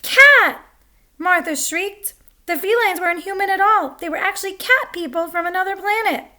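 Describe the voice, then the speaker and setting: A woman's voice: very high voice, fast, sharp tone. A woman reading a picture book aloud, chatty, stopping to comment on the pictures. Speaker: story reader.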